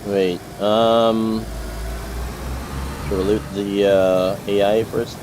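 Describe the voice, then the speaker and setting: A man's voice: lowish voice, level tone, extremely slow, noisy background. A young man streaming a game, chatting casually with teammates, rambling and repeating himself with lots of fillers and restarts. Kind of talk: casual gameplay chat with teammates.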